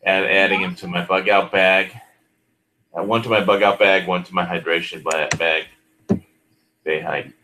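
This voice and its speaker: Deep-voiced rambling man. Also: flat delivery, normal speed, pauses often, sharp tone, poor audio. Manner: rambling, full of fillers like "you know". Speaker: panelist. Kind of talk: casual online panel chat.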